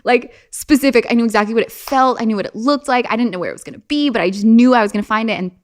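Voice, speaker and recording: A woman's voice: a little high, rapid-fire. A young woman, a podcast guest, telling a personal story in a casual, chatty way, with lots of "like" fillers and restarts. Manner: chatty, many "like" fillers and restarts, laughs often.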